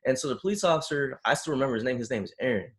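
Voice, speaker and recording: Young man, from the Bay Area, rapid animated storytelling, casual conversation. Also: mid-range voice. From San Francisco Bay Area. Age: young adult. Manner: animated retelling, acting out quoted voices. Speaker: panel guest.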